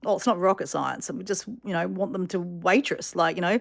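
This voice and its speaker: A woman's voice: lowish voice, brisk, creaky. A woman voicing a frank, friendly English restaurant man, in a matter-of-fact way. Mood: blunt.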